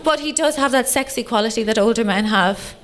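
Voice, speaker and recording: An Irish woman in her late thirties performing a bawdy stand-up set with deadpan punchlines, teasing the crowd. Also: a little high, fairly quick. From Ireland. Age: late 30s. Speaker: stand-up comedian. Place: comedy club stage before a live audience.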